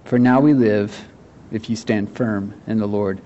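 A man preaching a sermon, acting out the quotes and laughing as he goes, then quieting down for the scripture. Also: fairly low pitch, highs cut off. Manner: animated, acts out voices in quotes, laughs often; drops to quiet, slow delivery on scripture. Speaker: pastor.

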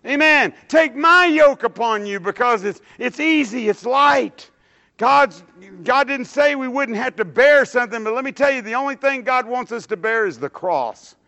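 Male preacher, high-pitched, bright tone; fervent sermon into soft, earnest prayer. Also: expressive, normal speed. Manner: fervent, rises loud on quoted scripture, drops soft and low in prayer; casual asides like "dude" and "hey, man". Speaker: preacher leading a church service. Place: church sanctuary with a standing congregation.

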